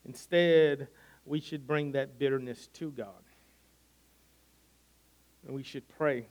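A man's voice: mid-range voice, steady tone, takes it slowly, darkish tone. A man preaching a sermon in an earnest, conversational way, often restarting his phrases. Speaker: pastor.

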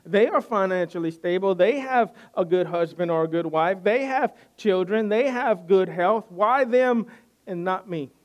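A man's voice: high voice, unhurried. A man preaching a sermon, earnest and building his points by repeating phrases. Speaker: pastor.

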